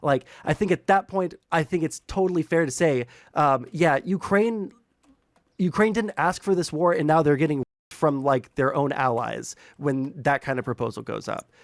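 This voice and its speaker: A man arguing politics in a heated, rambling and profane way, in bursts of fast talk. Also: on the high side, creaky, no room sound. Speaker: debater.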